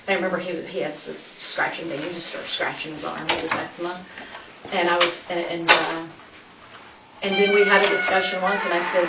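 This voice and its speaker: A woman's voice: on the low side, flat delivery, fairly quick. A woman recounting events to police, chatty and rambling, often switching course mid-story. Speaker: interviewee. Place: interview room. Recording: echoey room, distant mic, light noise.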